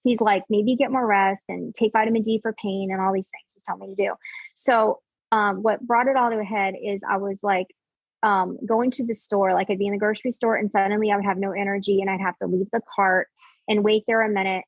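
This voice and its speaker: A woman's voice: medium pitch, a little fast, no room sound, poor audio. Woman in her 40s telling her story, lots of "like," acts out what people said, dry close sound. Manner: animated, acts out quoted dialogue, many "like" fillers. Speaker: podcast guest. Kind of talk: casual personal storytelling.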